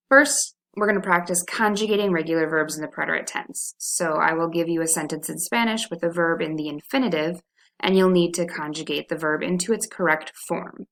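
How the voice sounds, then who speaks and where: A woman teaching a Spanish lesson, slowly modeling verb forms for students to repeat. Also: lowish voice, a bit bright, roomy sound. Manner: clear, slow modeling of Spanish forms for repetition. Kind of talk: video language lesson.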